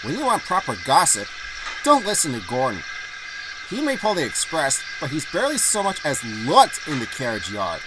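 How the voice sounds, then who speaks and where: A man voicing a cheerful little male engine who chuckles and gives slow, knowing advice. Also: on the high side, huge pitch swings, background noise. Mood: amused. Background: loud music.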